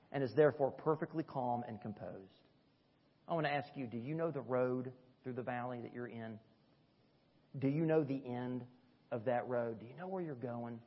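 A man preaching a sermon as pastor, swinging between soft, low passages and raised, emphatic peaks. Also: husky. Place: church sanctuary. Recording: dull, echoey church hall sound.

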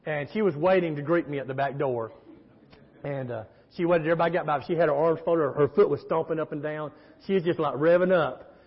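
Muffled and echoey, the recording captures a male pastor's emphatic sermon in a church sanctuary, full of call-and-response and stories. He talks fairly quickly, his voice on the high side with a breathy edge.

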